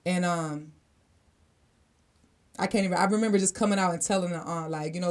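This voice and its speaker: A woman's voice: on the low side, fairly even intonation, fast talker, pauses often. A woman co-hosting a podcast, telling a personal story in a blunt, candid, casual way, swearing freely and talking straight to the listeners. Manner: conversational, speaks directly to listeners. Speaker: podcast co-host.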